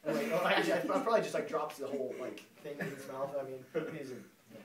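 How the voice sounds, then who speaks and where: A man's voice: mid-range voice, animated, quick pace, crowd noise. A young man giving a casual class presentation, jokey and rambling, full of fillers. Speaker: student presenter. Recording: roomy classroom, distant mic, loud class laughter.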